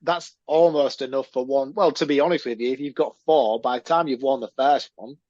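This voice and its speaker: A man co-hosting a casual podcast, easygoing and quick with a dry joke. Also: mid-range voice, darkish tone, dry recording. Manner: easygoing, laughs along, wry asides. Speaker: podcast co-host. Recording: dull, dry sound.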